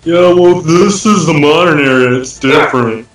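A man's voice: fairly high pitch, normal speed, soft background music, close to an everyday voice. A man voicing clingy male robot minions in an improvised fan dub, pleading in a needy way. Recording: echoey, distant home mic.

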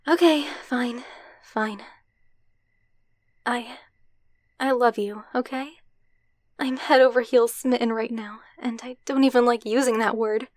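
A brash, swearing tsundere girlfriend, played by a young woman in an ASMR roleplay voice message. Her voice sits high and she takes her time with the words. The sound is bone dry and close to the mic. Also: fairly even intonation, measured pace, long pauses, no echo, lightly acted. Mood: gruff, embarrassed. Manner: swears a lot, gruff then embarrassed.

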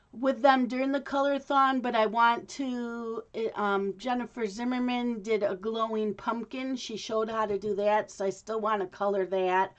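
A woman's voice: a little high, dull audio. A woman vlogging in a casual, rambling way, with frequent ums and restarts. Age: adult. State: hiccups. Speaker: craft vlogger. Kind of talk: casual chat to camera.

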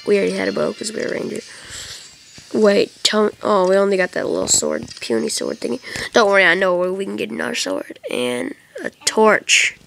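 Tired gravelly-voiced woman gaming. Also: mid-range voice. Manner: rambling, jokey, talks to viewers. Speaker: let's play gamer. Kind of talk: casual game commentary.

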